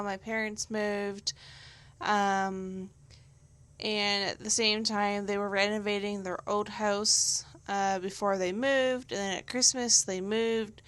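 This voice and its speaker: Young woman rambling on her podcast, slow and unhurried, lots of ums and swearing. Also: mid-range voice, fairly bright tone. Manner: rambling, frequent ums and likes, casual swearing. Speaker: podcast host. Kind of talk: casual solo podcast chat.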